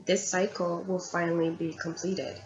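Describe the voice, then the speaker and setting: A tarot reader gives a reading in an earnest, confiding manner, often repeating herself along the way. Her voice is fairly low with a flat delivery at normal speed, captured in dull lo-fi audio with faint background hiss.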